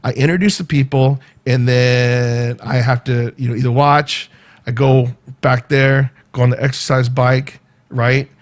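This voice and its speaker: A man's voice: mid-range voice, steady tone, unhurried. Middle-aged male vlog host, casual rambling delivery, mid-range voice. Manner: rambling, many fillers and restarts.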